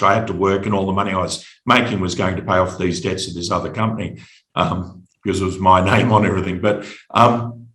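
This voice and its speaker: A middle-aged Australian man telling his personal story as a podcast guest, halting and reflective, often repeating words. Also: low-pitched, fairly bright tone, reverberant, low-quality recording.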